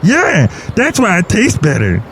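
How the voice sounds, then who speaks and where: A dopey male brewmaster, put on by a man in a comedy podcast, talks in a raised, nasal-high register. He brags about his own brew and loses track of the conversation. Faint noise sits under the voice. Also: wildly swooping pitch, measured pace, fairly bright tone, exaggerated voice. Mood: boastful. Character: dim, boastful male brewmaster of root beer.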